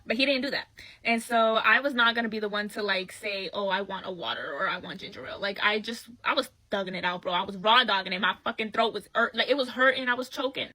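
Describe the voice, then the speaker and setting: A woman telling a bad first date story in a blunt, profane, animated way. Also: medium pitch, fast talker, low-quality recording.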